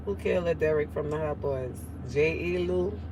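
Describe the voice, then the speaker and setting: A woman's voice: sits low, normal speed, background noise. Nasal New Orleans woman chatting live. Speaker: livestream host. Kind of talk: casual live chat reading comments.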